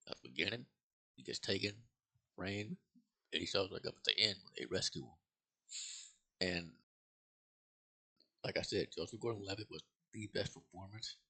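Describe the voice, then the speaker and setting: A man with a low, gravelly voice talks through a movie review in a loose, rambling way. His tone is bright and edgy, with a husky grain, and he swears freely between fillers. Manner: rambling, profane, with many fillers and restarts. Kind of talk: casual spoken movie review.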